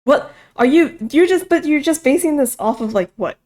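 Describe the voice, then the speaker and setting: A woman's voice: high-pitched, lively intonation, moderate pace, darkish tone. Giggly young woman who hedges as she argues. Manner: hedging, laughs often, pushes back. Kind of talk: casual chat.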